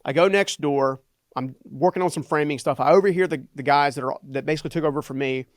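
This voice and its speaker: A guest on a podcast interview, an entrepreneur and motivational speaker, tells personal stories in a fairly high voice and talks fast. He's animated and keeps repeating "right?" for emphasis, and the recording is dry and studio-clean.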